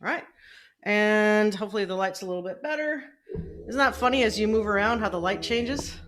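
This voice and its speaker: A woman's voice: mid-range voice, a little fast, a bit bright. A middle-aged woman coaching online business on a casual live stream, chatty and upbeat while fiddling with her setup at home. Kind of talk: casual Facebook Live training. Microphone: desk mic, moved around during the stream.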